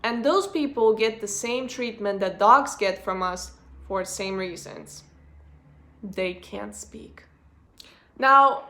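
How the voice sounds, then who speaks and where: A woman's voice: medium pitch, a bit bright. A woman vlogger giving a frank, blunt personal monologue about human nature.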